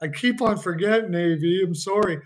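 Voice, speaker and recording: A man's voice: sits high, a little fast, lightly acted. A man putting on the voice of a flustered male hockey player who can't stop shooting the puck, panicky and apologetic.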